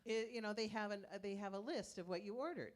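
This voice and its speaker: Animated woman minister telling stories. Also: mid-range voice, a little fast. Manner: animated storytelling, acting out inner voices. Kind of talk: conversational sermon. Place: church sanctuary.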